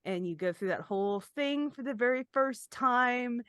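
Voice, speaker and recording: A woman's voice: a little high, animated, moderate pace, a bit bright, clean tone, no room sound. A woman co-hosting a podcast in casual chat, rambling and self-deprecating, laughing often. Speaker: podcast co-host.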